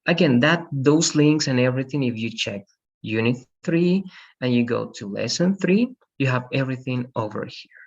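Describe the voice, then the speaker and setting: A man teaching an online English class, patiently correcting pronunciation and slowly modeling words for his students. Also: medium pitch, expressive. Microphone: video call. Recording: dull lo-fi video call audio.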